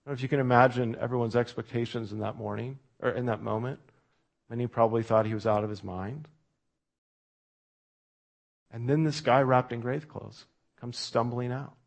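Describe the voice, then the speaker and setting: A man preaching a sermon, talking through a scripture story in a conversational way and dropping to a hush when he quotes. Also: medium pitch, steady tone, normal speed, vocal fry, long pauses. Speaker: pastor.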